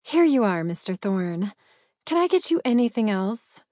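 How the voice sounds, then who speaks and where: A woman's voice: mid-range voice, big pitch swings, moderate pace, darkish tone, no room sound, clean studio sound. Woman putting on a sugary catty waitress. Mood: flirty, mocking.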